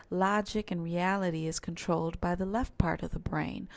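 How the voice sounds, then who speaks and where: A woman teaching a recorded lesson, explaining patiently in a soft, at times near-whispered voice with small slips and restarts. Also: on the low side, creaky, no room sound.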